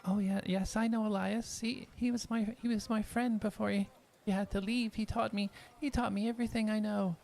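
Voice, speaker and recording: A game master voicing an eager, nervous young woman who tinkers with automatons, in a very high, breathless voice during a tabletop game. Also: fairly even intonation, moderate pace, gravelly, darkish tone, lightly acted. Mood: wistful. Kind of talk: tabletop game role-play.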